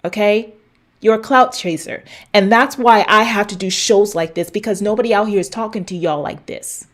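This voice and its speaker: A woman's voice: mid-range voice, normal speed. A middle-aged woman hosting a fitness show, giving blunt, preachy advice straight to viewers and swearing for emphasis. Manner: talks straight to viewers, repeats lines for punch. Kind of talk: direct-to-camera advice rant.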